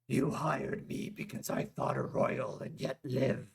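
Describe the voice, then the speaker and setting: A man voicing a grim, vengeful male warrior lieutenant who talks in a low, intense, commanding way. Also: a little slow, gravelly, slightly rough, full character voice. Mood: angry.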